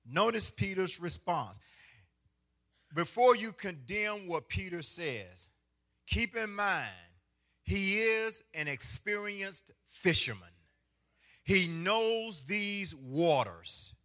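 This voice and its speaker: A man preaching a sermon as pastor, swinging from hushed phrases to loud, half-sung lines. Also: high-pitched, big pitch swings, slow pace.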